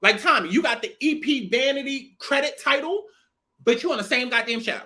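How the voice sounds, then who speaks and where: Young woman, bright tone, blunt and swearing freely in a casual show recap. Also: high voice, lively intonation, fairly quick, a little hiss or hum. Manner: blunt, sassy, swears a lot. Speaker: reality show reviewer. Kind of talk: casual profane commentary.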